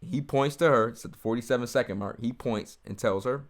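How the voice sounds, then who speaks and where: A man's voice: mid-range voice, fairly quick, creaky. A man giving casual, heated commentary on a video and talking straight to his viewers. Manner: animated, talks straight to viewers, heated and mocking.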